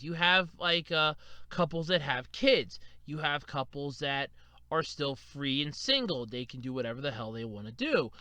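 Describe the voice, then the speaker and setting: A man's voice: sits high, bright, forceful tone, no echo. A man hosting a solo podcast, talking casually and animatedly, swearing freely and acting out quotes. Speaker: podcast host.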